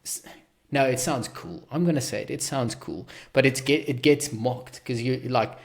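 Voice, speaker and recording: A man's voice: mid-range voice, normal speed. A man with a South African accent hosting a podcast, talking in a rambling, self-deprecating way with many restarts. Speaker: podcast host. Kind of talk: casual podcast conversation.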